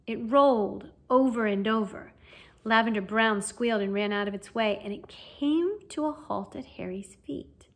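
Woman, audiobook narrator, storybook reading, lively and expressive, fairly high voice. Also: moderate pace. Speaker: audiobook reader.

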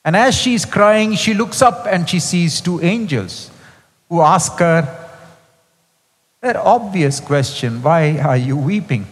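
A man with an Indian English accent, reading scripture and preaching a sermon in a slow, deliberate way with wide swings in pitch. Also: animated, in a large hall. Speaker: preacher and Bible teacher.

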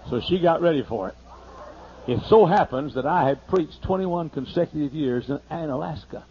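A man pastor telling a humorous, folksy story during a sermon, slowing down to list items one by one. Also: on the high side, lively intonation, a little hiss or hum. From United States. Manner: folksy and humorous, lists things slowly. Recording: muffled older sermon tape.

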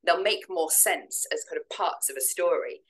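A woman giving a measured, explanatory academic lecture, now and then reading poetry dramatically. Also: lowish voice, a bit bright, poor audio.

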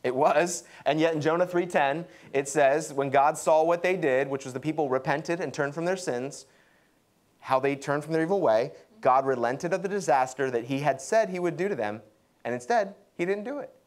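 A young adult man preaching a sermon, animated and acting out quotes. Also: moderate pace. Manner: lively, acts out quotes with pitch jumps. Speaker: pastor.

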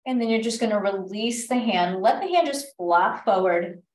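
A woman instructor guiding a stretch class with calm, step-by-step cues and gentle reminders, recorded in a library class room. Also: medium pitch, moderate pace. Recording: echoey room, voice from a distance.

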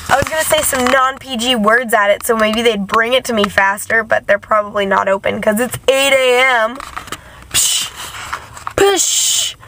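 A woman's voice: a little high, measured pace. Tired, rambling young woman vlogging from a car. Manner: chatty, rambling, self-mocking. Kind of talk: casual rambling vlog. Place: inside a vehicle. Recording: noisy car background.

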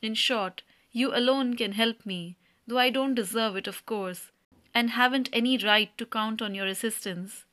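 A woman's voice: a little high, moderate pace, a bit bright, natural voice. A woman reading the part of a nervous male landowner who stumbles over his words while proposing.

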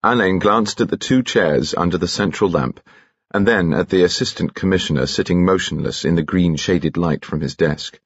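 A man narrating a mystery novel for an audiobook in a calm, measured, quietly dramatic way. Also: sits low, slightly rough, no room sound, lo-fi sound. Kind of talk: scripted narration.

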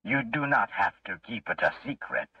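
A man's voice: on the low side, lively intonation, normal speed, breathy edge, no echo. A man doing a lonely, confused old man. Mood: pleading insistent. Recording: muffled lo-fi, distant mic.

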